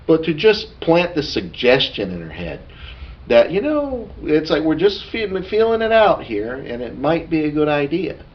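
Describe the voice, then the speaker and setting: A man's voice: a little high, huge pitch swings, moderate pace. A man recapping a tabletop game session in a casual, rambling way, full of asides. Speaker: podcast co-host. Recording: dull lo-fi sound.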